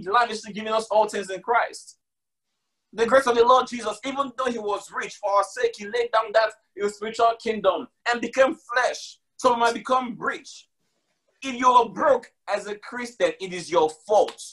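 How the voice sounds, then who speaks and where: A man's voice: extremely high pitch, moderate pace, a bit bright. A man preaching a sermon, emphatic and repetitive, mixing casual slang with scripture. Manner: emphatic, repeats lines for stress.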